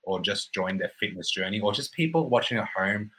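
A man's voice: lowish voice, lively intonation, a little fast, bright, forceful tone, low-quality recording. A man hosting a podcast as a fitness coach, asking long rambling, upbeat questions. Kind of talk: casual podcast interview.

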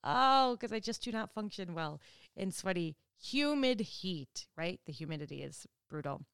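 Midwest lady around 40 chatting to her viewers, smooth clear voice, laughs a lot, does little voices for people she quotes. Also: on the low side, big pitch swings, normal speed, fairly bright tone, dry recording, clean studio sound. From Wisconsin, US Midwest. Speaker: vlogger. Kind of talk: casual chat to camera.

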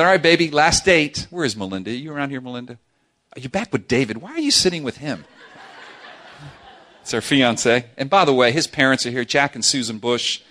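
Casting note: middle-aged male pastor, lively and humorous sermon delivery, bright, ringing voice, pitch swinging widely. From South Florida. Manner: animated, humorous, acts out quoted voices. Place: church sanctuary with congregation.

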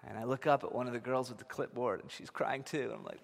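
A man in his thirties preaching a sermon, telling stories in an animated way that swings from loud to hushed. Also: mid-range voice, fast talker, gravelly. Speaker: pastor. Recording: long reverb of a large hall.

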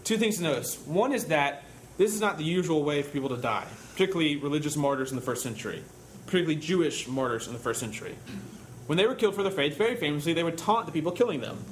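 A man's voice: fairly high pitch, animated, quick pace, slight background noise. A man preaching a sermon in a conversational way, telling stories and asking rhetorical questions.

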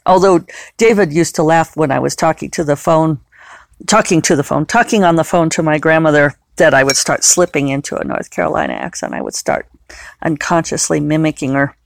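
Lower-voiced woman with a dry sound. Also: creaky, no echo. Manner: rambling, often correcting herself. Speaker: novelist. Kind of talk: casual solo podcast chat.

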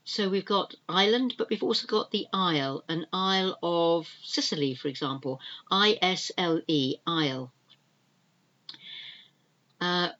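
A British woman with a notably low voice teaches pronunciation, saying each word several times and spelling it out letter by letter. She is patient and unhurried. The recording sounds somewhat dull and lo-fi. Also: a bit bright. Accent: British English. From United Kingdom. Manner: patient, spells words letter by letter and repeats them. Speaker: podcast host teaching English. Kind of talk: slow spelled-out pronunciation lesson.

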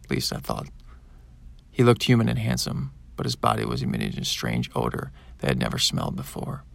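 A man narrating a science-fiction audiobook in the first person, in a plain, even storytelling manner. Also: a bass voice, fairly quick, vocal fry, dry recording.

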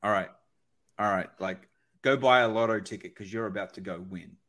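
Guy on a podcast explaining stuff fast and lively, keeps saying right?. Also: fairly low pitch. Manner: energetic explainer, often asks "right?". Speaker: guest expert on sales calls. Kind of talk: podcast conversation.

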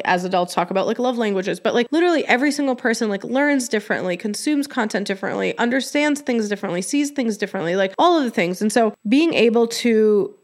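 A woman hosting a podcast in casual chat, candid and expressive, with her talk full of "like". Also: fairly high pitch. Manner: chatty, heavy use of "like". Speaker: podcast host.

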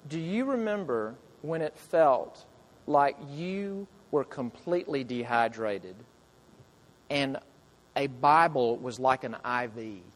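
A man preaching a sermon to his congregation, earnest, asking the listeners question after question and dropping to soft, quiet lines. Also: mid-range voice, takes it slowly. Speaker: pastor.

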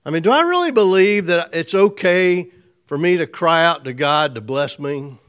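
A man's voice: fairly high pitch, lively intonation, moderate pace, a bit bright, smooth. A man preaching an informal sermon to a small group, conversational, restarting phrases and chuckling often. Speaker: pastor.

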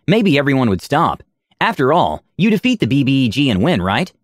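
A man's voice: medium pitch, no room sound, studio quality. A man narrating a tabletop game story in a dramatic storytelling manner.

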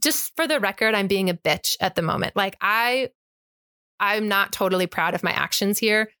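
A woman's voice: mid-range voice, moderate pace, pushed and bright, smooth, no room sound, studio quality. An emphatic, impassioned woman telling a personal story as a guest in conversation, acting out the exchanges. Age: adult with an eight-year-old child.

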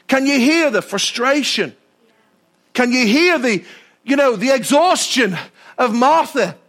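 A male pastor preaches with animated energy, repeatedly putting questions to his congregation. His voice is unusually high for a man, and he speaks slowly.

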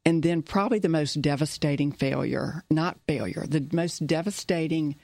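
Middle-aged woman, earnest interview storyteller, gravelly tone, dry close sound. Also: low voice, moderate pace, mellow, no echo. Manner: earnest, repeats key phrases. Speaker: business owner guest.

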